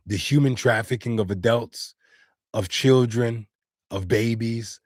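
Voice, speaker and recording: A man's voice: medium pitch, no room sound, clean studio sound. A man live-streaming, talking earnestly and casually to his chat in slangy speech. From United States.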